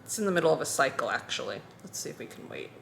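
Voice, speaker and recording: A woman teaching a skincare routine, calmly talking through each step as she demonstrates it. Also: low-pitched, very fast, gravelly, slight background noise. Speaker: skincare instructor.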